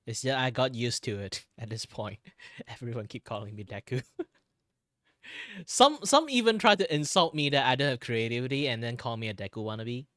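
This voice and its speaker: A young man with a Malaysian English accent leaning slightly British, chatting casually while drawing on stream. He is tired after long hours, laughs often and jumps into loud, high exclamations. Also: big pitch swings, moderate pace, dry recording, clean studio sound. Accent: Malaysian English with a slight British lean. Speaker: art streamer.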